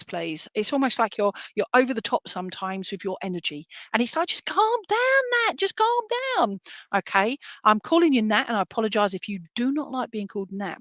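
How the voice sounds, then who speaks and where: A woman's voice: medium pitch, dry recording. A woman giving chatty, reassuring psychic readings on a live stream, full of fillers. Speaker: psychic reader.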